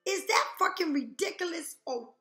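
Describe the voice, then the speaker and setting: A tarot reader gives a reading to her viewers, speaking bluntly and profanely and firing off rhetorical questions. Her voice is extremely high, pushed, and bright, with lively intonation at a normal speed. The recording sounds like an echoey room.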